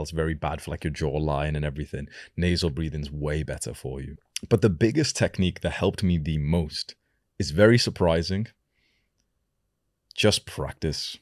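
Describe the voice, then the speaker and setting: A young man coaching viewers in a direct-to-camera vlog, instructive and deliberate, demonstrating his own voice as he explains. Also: very deep voice, no echo, clean studio sound. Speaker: self-improvement coach.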